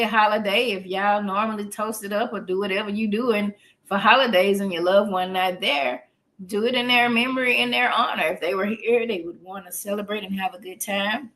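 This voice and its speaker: A middle-aged woman talks through a podcast conversation. She is folksy and chatty and laughs easily, at an even, middle pitch. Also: rough recording. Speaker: house therapist on a podcast. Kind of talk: casual podcast talk on grief.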